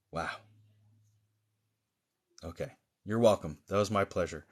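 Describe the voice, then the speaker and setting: Hesitant and exploratory, a male psychic medium works through a live-streamed reading with plenty of pauses and filler words. His voice sits a little low, and he speaks to viewers in a gentle, reassuring way.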